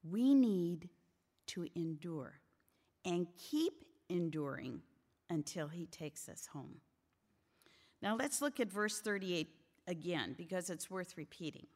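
A woman's voice: on the low side, expressive, slow pace, darkish tone. A woman teaching a Bible study to a group of women, earnest and emphatic as she preaches. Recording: long hall reverb.

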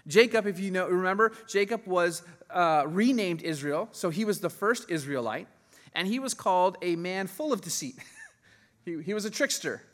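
Male pastor, higher-pitched, animated sermon delivery, recorded in a reverberant church hall. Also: moderate pace. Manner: animated, laughs often, voices quoted figures.

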